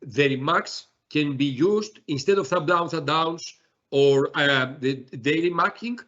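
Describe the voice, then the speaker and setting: A man presenting a software demo in a webinar, talking haltingly with many fillers and restarts. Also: on the high side, highs cut off.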